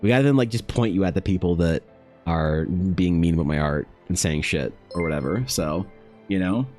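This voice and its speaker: A young man casually telling a story to his stream chat, animated and prone to exasperated outbursts. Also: moderate pace, faint music behind. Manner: animated, trails into high exasperated rants.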